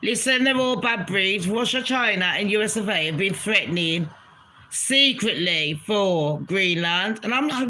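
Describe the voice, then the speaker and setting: A woman rants casually to her livestream chat, blunt and profane with a mocking edge. Her voice is bright and forceful, sitting at a middle pitch. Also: animated, a little slow, a little hiss or hum.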